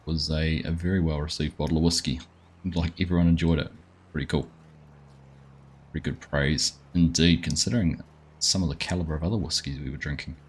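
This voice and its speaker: Husky New man chatting on stream. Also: very deep voice, fairly even intonation, brisk. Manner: chatty, greets viewers by name. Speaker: gaming livestream host. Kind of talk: casual chat while playing a farming game.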